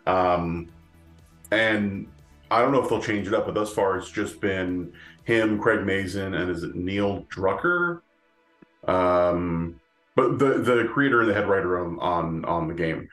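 A man chats slowly and loosely on a podcast, full of fillers and restarts. His voice sits a little low. The room has a noticeable echo, with faint music underneath. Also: lively intonation, a bit bright. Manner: rambling, many fillers and restarts, laughs often. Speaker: podcast co-host. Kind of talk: casual chat.

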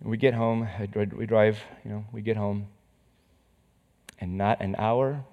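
A man preaching as a pastor, telling a personal story with emotion, moving from hushed words to forceful emphasis. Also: fairly low pitch, fairly even intonation, unhurried, pauses often. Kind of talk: sermon storytelling. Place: church stage. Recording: reverberant hall.

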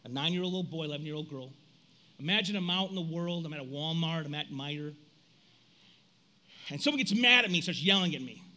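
A man in his forties preaching a sermon in a casual, animated way, reading scripture and breaking into loud outbursts. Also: a little high, a little fast, long pauses. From United States. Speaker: pastor.

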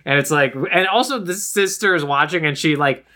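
A man's voice: a little high, a little fast, pushed and bright. A young adult man co-hosting a podcast, casually retelling a movie's plot in a rambling way, full of "like". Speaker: podcast co-host. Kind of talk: casual movie recap chat.

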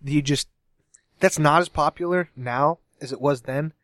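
A man's voice: on the high side, a little slow, fairly bright tone, no echo, clean studio sound. A young man from Cincinnati co-hosting a podcast in casual chat, rambling and correcting himself as he goes. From Cincinnati, USA. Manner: rambling, self-correcting, laughs often. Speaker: podcast co-host.

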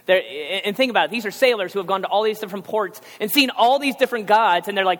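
A man's voice: high-pitched, expressive, a bit bright. Man preaching a casual sermon, hall echo. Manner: conversational, acts out characters in quick asides. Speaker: pastor. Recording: long hall reverb.

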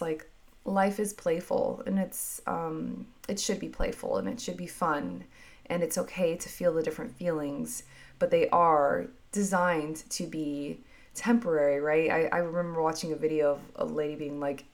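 A woman hosting a podcast, talking through her emotions in a soft, musing, reflective monologue full of casual fillers. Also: on the low side, a little slow. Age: adult mother. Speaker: podcast host.

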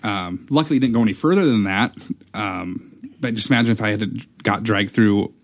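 Young man, lowish voice, casual storytelling host, animated quotes. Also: moderate pace.

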